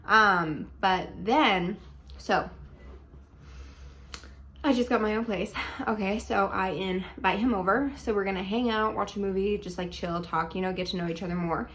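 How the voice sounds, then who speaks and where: A young woman casually telling a dating story at home in a chatty, animated way, full of likes and ums. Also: mid-range voice, normal speed, slight background noise. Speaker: vlogger.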